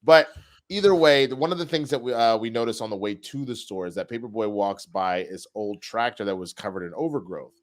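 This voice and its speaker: Animated man recapping a TV episode. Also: on the low side, a little fast. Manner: animated retelling, swears, acts out scenes. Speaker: TV episode reviewer. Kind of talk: casual podcast review chat.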